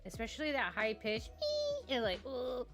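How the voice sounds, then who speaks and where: Woman, live streamer, casual chat, lots of fillers, laughs often, slightly high voice, faint music behind. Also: lively intonation, a little slow. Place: home streaming setup.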